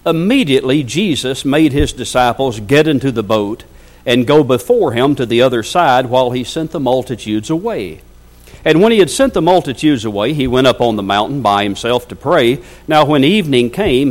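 A male preacher giving a sermon, reading scripture aloud and asking the congregation rhetorical questions. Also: medium pitch. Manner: reads scripture aloud at length.

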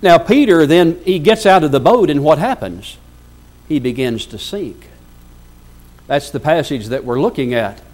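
A man's voice: on the high side, expressive, normal speed, a little mellow. A male preacher giving a sermon, reading scripture aloud and asking the congregation rhetorical questions. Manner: reads scripture aloud at length.

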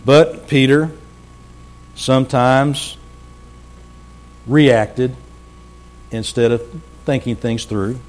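A man preaching a sermon as pastor, earnest and slowing down to stress words. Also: mid-range voice. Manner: earnest, slows down for emphasis.

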